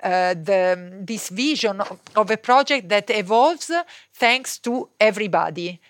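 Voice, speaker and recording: A woman with an Italian accent, a non-native English speaker, answering podcast interview questions hesitantly, with many pauses and filler sounds. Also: medium pitch, dry recording, clean studio sound. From Italy. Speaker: guest, fabric company co-owner.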